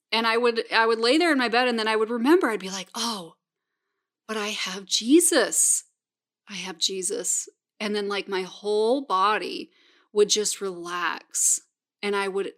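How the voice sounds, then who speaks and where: A woman's voice: medium pitch, moderate pace, fairly bright tone. Chatty woman telling a personal story. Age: 30s. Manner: casual, chatty, many "like" fillers, laughs at herself. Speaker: podcast host.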